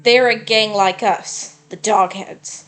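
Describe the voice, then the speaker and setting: A woman's voice: medium pitch, steady tone, slow pace, lightly acted. A woman reading aloud the lines of an angry, vengeful male gang member from a video game, cursing in a heated way. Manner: reads game dialogue aloud plainly, heated curses.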